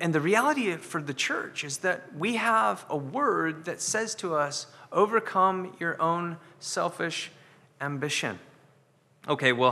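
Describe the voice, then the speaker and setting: A man's voice: high voice, bright, forceful tone, long reverb tail. A man preaching an earnest sermon as pastor, often repeating words as he builds a point. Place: church sanctuary.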